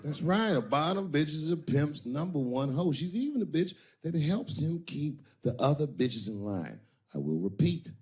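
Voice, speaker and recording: A man doing stand-up comedy on stage, telling a story and jumping between character voices. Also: moderate pace. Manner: animated, acts out characters with big pitch swings. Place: comedy stage before a live audience.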